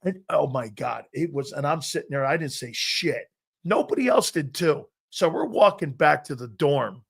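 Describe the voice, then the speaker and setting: Middle-aged male sports talk host, storyteller, profane, lively delivery, slightly high voice. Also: normal speed, gravelly, husky. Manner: profane animated storyteller, quoting people loudly.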